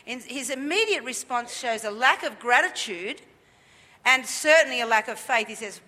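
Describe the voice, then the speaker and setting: Bright-voiced woman preaching emphatically. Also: on the high side, lively intonation, moderate pace, big-room sound. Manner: emphatic and repetitive, with rhetorical questions. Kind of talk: sermon. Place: church service.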